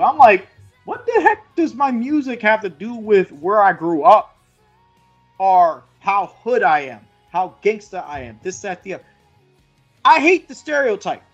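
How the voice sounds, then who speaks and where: Animated, high-voiced man telling stories. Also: highs cut off. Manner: animated storytelling, acts out quoted voices, swears freely. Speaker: podcast co-host. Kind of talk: casual chat.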